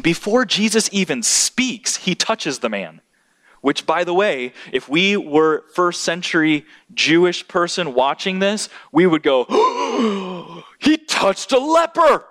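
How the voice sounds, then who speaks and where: A man preaching a sermon, swinging from high exclamations down to low, hushed emphasis. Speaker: pastor. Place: church hall.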